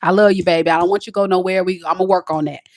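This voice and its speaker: Woman playing a gentle, sorry boyfriend, murmuring his apology quietly. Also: lowish voice, fairly even intonation, very fast, dry recording, studio quality, natural voice. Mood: sheepish. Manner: soft, sheepish, apologetic. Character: apologetic loving adult man, boyfriend.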